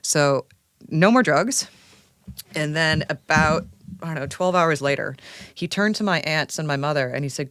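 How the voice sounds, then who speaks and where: A woman from Canada, a science writer guesting on a podcast, talking in an animated, enthusiastic storytelling way. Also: sits low, normal speed, dry recording. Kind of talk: casual podcast conversation.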